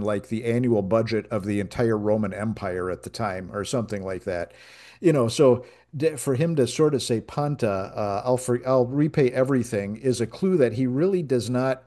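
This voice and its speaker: Male moderator, lowish pitch, mellow tone, relaxed and loose. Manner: relaxed, with many fillers. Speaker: discussion moderator. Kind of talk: discussion of a Bible parable.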